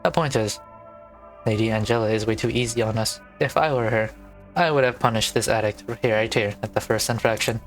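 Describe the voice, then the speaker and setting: A man reading blunt twin managers in monotone. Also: on the low side, brisk, faint music behind, lightly acted. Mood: scolding. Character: aloof young twin department heads, blunt. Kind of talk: gaming let's play, reading dialogue.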